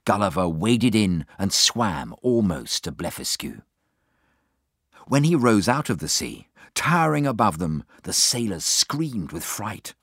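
A man narrating a children's storybook in a steady, expressive way. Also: on the low side, unhurried, husky, no room sound, clean studio sound. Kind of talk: storybook reading.

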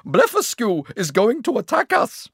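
A man's voice: high voice, huge pitch swings, moderate pace, fairly bright tone, breathy edge, no room sound, studio quality, pitched above the performer's own voice, heavily acted. A man voicing an anxious, fussy male court secretary in a storybook reading, pleading and urgent. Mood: worried.

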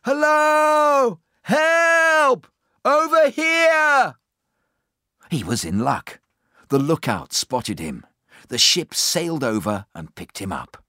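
Low husky male storybook narrator. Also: unhurried, no room sound, clean studio sound. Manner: expressive, acting out each character. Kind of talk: storybook reading aloud.

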